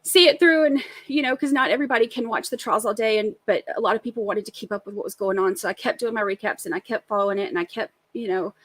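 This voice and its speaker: A woman's voice: medium pitch, fairly even intonation, quick pace, hardly any pauses, no room sound. Middle-aged lady co-hosting a live chat, chatty and earnest, dry close sound. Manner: chatty, emphatic, sincere. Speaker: co-host of a trial recap show. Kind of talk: casual live-stream chat.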